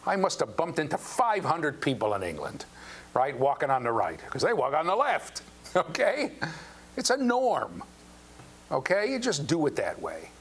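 An older man with a husky, somewhat high voice lectures a university class at a moderate pace. He's an animated storyteller who acts out quotes and keeps asking the students questions, with faint background noise and hum in the lecture hall.

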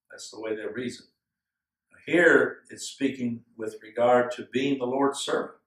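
A male pastor giving an earnest, measured sermon with slow, emphatic phrases. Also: mid-range voice. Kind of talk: expository sermon. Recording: echoey room, from far off.

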